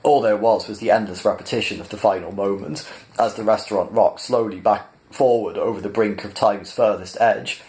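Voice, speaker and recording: A man reading a novel aloud in a measured, plain narrating style. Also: fairly low pitch, fairly even intonation, darkish tone. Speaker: reader. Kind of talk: audiobook-style storybook reading.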